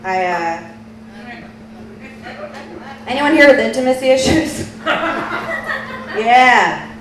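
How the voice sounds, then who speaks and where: A woman doing a stand-up comedy set in a small bar with deadpan, confessional jokes. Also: fairly high pitch, slow. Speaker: stand-up comic. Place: small bar lounge stage. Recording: echoey room, mic far off, noisy.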